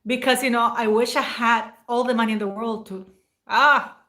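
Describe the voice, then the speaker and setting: A woman's voice: a little high, steady tone, normal speed, sharp tone. A woman hosting a casual livestream, rambling and emotional as she thanks viewers by name. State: near tears at times. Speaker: livestream host.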